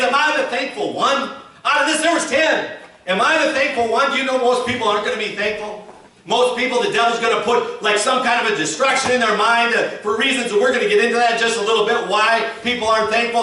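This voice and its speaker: Pastor guy preaching loud and bright, lots of echo, picked up from way back in the church. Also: extremely high pitch. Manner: emphatic preaching, calls congregation to repeat lines. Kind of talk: sermon. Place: church sanctuary. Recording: echoey church hall from far off.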